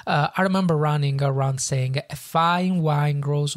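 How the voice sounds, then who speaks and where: A man from Italy with an Italian accent, hosting a podcast and retelling a speech with his own halting asides. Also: fairly high pitch, steady tone, no echo, clean studio sound. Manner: halting, many fillers and restarts when speaking off-script. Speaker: podcast host.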